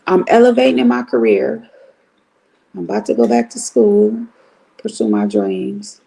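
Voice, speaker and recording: A middle-aged woman from Cleveland giving blunt, profane, animated commentary on a livestream. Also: medium pitch, a little slow, vocal fry. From Cleveland, Ohio.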